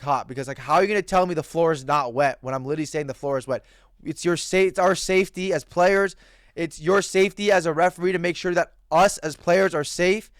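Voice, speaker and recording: A man's voice: fairly high pitch, dry recording, studio quality. A young man telling a heated, profane story about a pickup basketball game in a casual rant. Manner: heated, profane, animated retelling.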